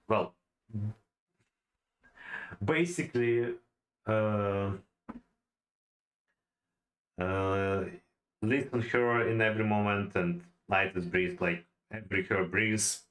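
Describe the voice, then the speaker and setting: Brief: man, slow deliberate delivery, low voice, hesitant study-aloud tone. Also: fairly even intonation, a bit bright, poor audio. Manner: halting, many fillers and restarts, non-native phrasing. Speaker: self-taught poetry learner. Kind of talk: thinking-aloud study session.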